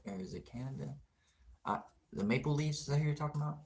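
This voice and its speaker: A man's voice: mid-range voice, lively intonation, fast talker. A young man hosting an outdoors livestream, answering viewer comments in a brash, teasing, profane way with frequent laughter.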